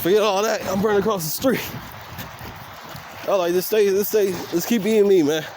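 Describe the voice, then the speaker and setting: High-voiced man telling a profane story. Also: normal speed, background noise. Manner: profane and blunt, laughs often; acts out quoted dialogue. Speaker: vlogger. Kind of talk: casual storytelling monologue.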